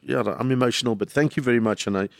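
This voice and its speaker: A man's voice: medium pitch, rapid-fire, creaky, dry recording. A comedian, a man, talking in an emotional, rambling way as a podcast guest. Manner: rambling, jumps between thoughts.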